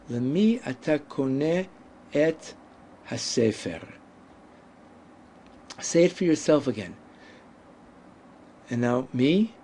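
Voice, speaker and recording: Slow, patient male language teacher. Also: mid-range voice, warm tone, slight background noise. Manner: deliberate, drawn-out pronunciation with pauses. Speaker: Hebrew teacher.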